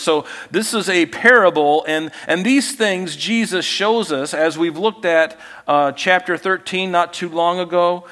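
A man's voice: a little high, unhurried, few pauses, a bit bright, long reverb tail. A man pastor preaching a sermon, reading scripture aloud and teaching with folksy asides and self-corrections.

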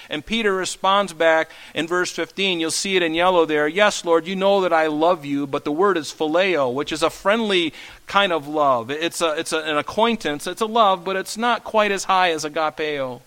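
A man's voice: fairly high pitch, moderate pace, a bit bright, smooth, low-quality recording. A male pastor preaching a conversational sermon, often asking the congregation questions. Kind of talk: expository sermon.

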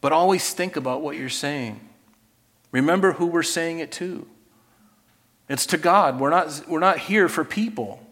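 A man preaching a sermon as pastor, animated and acting out scripture scenes with put-on voices, in a church sanctuary. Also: fairly high pitch, a little slow, long reverb tail.

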